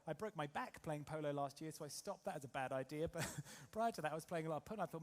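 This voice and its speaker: A man from England coaching a live seminar crowd, talking very fast in a slightly high voice. He is punchy and energetic, pushing the room with rhetorical questions and quick asides. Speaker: trading coach and seminar speaker. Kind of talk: motivational seminar talk to a live audience.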